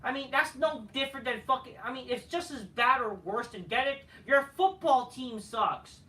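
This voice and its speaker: A woman's voice: sits high, brisk, pushed and bright. A woman hosting a wrestling show review, ranting in a crude, sarcastic, heated way. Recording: echoey room, far from mic.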